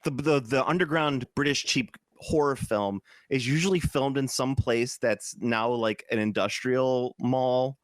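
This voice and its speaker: A man's voice: medium pitch, measured pace, hardly any pauses, no room sound, studio quality. A man in his forties co-hosting a podcast, rambling through casual chat with jokes and frequent laughs. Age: 40s. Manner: rambling, jokey, laughs often. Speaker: podcast co-host.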